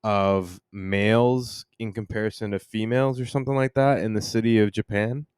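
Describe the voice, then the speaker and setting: A man's voice: fairly low pitch, fairly even intonation, normal speed, darkish tone, clear, resonant tone, no room sound, studio quality. A young man co-hosting a podcast in casual chat, rambling with many fillers and swearing. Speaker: podcast co-host.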